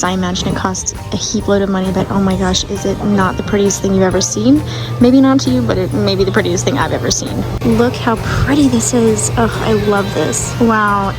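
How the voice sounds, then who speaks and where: A woman's voice: mid-range voice, vocal fry. A young woman, chatting enthusiastically to camera as a vlogger. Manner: chatty and enthusiastic, gushing over finds. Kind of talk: casual vlog chat.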